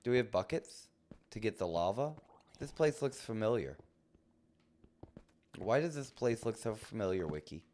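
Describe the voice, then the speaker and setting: A man streaming a game live, chatting and ranting playfully with mock indignation and sudden excited outbursts. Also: moderate pace, long pauses, slight background noise. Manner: jumps to high excited outbursts. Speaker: livestreamer. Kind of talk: live gameplay commentary.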